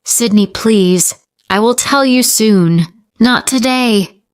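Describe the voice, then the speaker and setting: A woman's voice: on the high side, slow pace, clean tone, no room sound, clean studio sound, pitched above the performer's own voice. A woman voicing a worried, secretive mother who speaks in protective, pleading tones. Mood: urgent pleading.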